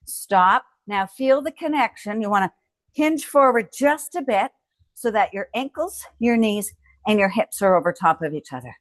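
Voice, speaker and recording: Coaching a home strength workout, a woman cues each move and cheers the viewer on encouragingly. Her mid-range voice is animated and moderately paced, recorded with no room sound.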